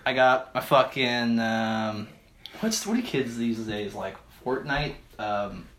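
A man's voice: medium pitch, lively intonation, slow pace, a bit bright, a little hiss or hum. Rambling man riffing with slurred speech. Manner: rambling, laughing through lines, slips into silly character voices. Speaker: podcast co-host. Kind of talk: comedic riffing on a made-up movie plot.

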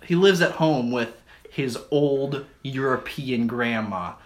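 A man's voice: medium pitch, slow. A man co-hosting a comedy podcast, rambling through a made-up movie plot with slightly slurred speech, laughing and slipping into silly voices. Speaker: podcast co-host.

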